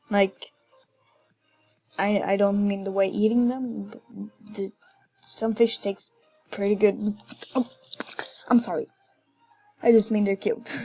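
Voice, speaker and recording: A woman giving casual gameplay commentary, gushing and giggly with excitement. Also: medium pitch. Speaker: game commentator. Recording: dull lo-fi recording.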